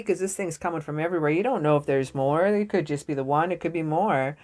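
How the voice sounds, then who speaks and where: A young adult woman doing a casual tarot reading, jokey and excitable, swearing freely as she spins a story. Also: low voice, quick pace, hardly any pauses. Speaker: tarot reader.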